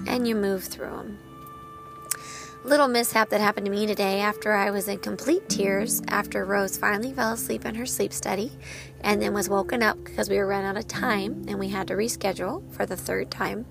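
A woman's voice: medium pitch, fairly even intonation, a little fast, gravelly, music in the background. A woman in her thirties hosting her own podcast as a parent of a child with medical needs, talking candidly and laughing at herself. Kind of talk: personal podcast monologue.

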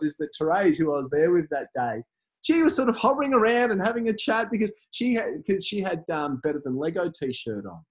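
A man in his thirties, a guest in a casual interview, talking in a halting way with many fillers and restarts. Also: a little high, breathy edge. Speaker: campaign organiser, guest.

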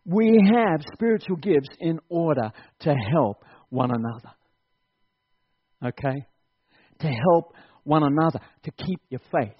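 A man preaching to his church congregation in a high, lively voice that swoops up and down as he urges them on and laughs along. The sermon recording sounds dull and lo-fi. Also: measured pace, breathy edge. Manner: animated, exhorting, laughs often. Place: church service.

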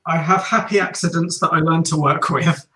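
A man's voice: on the high side, fairly even intonation, normal speed, bright, forceful tone, a little hiss or hum. Man, hesitant, self-deprecating, many ums, echoey room. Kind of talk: casual chat.

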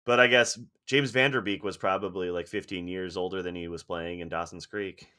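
A man's voice: low-pitched, fairly even intonation, fairly quick, pushed and bright, smooth. A man co-hosting a casual movie discussion, rambling through his points and laughing mid-sentence. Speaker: podcast co-host.

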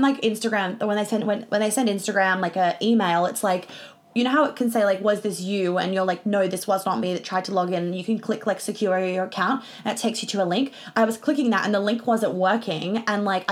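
A young adult woman vlogger telling a story in a chatty, animated way, swearing freely and spelling out some words. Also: mid-range voice, brisk. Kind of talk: casual storytime vlog.

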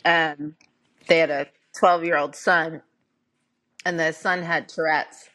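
A woman's voice: low-pitched, steady tone, slow pace, a bit bright. A middle-aged woman co-hosting a podcast, telling dating stories in a candid, chatty way with plenty of fillers. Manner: candid storytelling with frequent fillers. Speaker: podcast co-host. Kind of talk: casual chat.

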